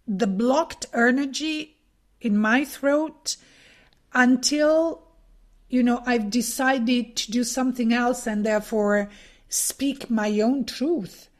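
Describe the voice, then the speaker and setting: Woman, higher pitch, slow measured pace, thoughtful casual chat. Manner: measured, thoughtful, with many fillers. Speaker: workshop leader, former conference interpreter. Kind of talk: casual conversation.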